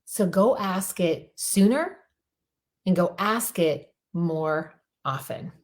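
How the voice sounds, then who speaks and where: A middle-aged woman coach, slow and unhurried, gives a spirited pep talk over a group call. She tells vivid stories and repeats herself to drive points home, all in a lowish voice.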